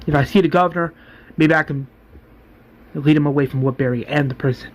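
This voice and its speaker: A man voicing a protective leader who speaks in a calming but urgent way. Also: fairly high pitch, brisk, close to an everyday voice. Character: steady male leader, protective.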